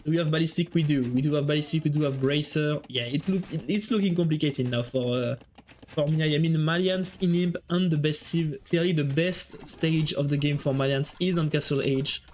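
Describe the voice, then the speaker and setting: A man giving live esports commentary, excitable and joking as he jumps between calling the play and chatting with viewers. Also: a little high, a little fast, slight background noise. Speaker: esports caster.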